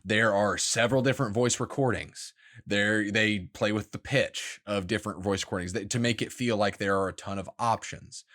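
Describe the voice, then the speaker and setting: A man's voice: on the low side, steady tone, normal speed, fairly bright tone. A man co-hosting a casual gaming podcast, teasing his co-host dryly and explaining things at length.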